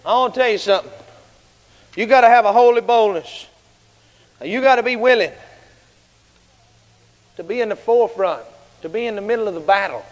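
A man preaching a fiery sermon, shouting at times and telling stories in a colloquial way. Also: high-pitched, brisk, pauses often. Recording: large hall with long reverb.

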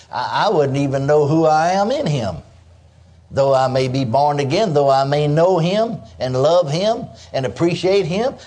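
Older guy preaching, folksy and lively, kinda high pitched but mellow sounding. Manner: folksy, animated preaching with frequent "praise God" asides. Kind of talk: sermon.

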